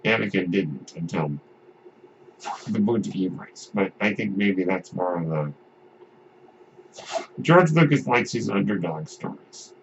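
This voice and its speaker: A man's voice: deep voice, expressive, measured pace, vocal fry, long pauses. A man hosting a podcast, talking casually about films in a rambling way, often restarting his sentences. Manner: rambling, with frequent restarts and asides. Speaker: podcast host. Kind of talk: casual film commentary. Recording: dull lo-fi audio with faint noise.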